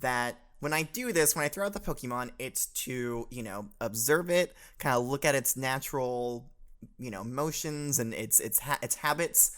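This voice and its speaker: A man's voice: medium pitch, normal speed, a bit bright. Man hosting a comedy class skit. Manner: playful, laughing, rambling with fillers. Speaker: host playing a professor.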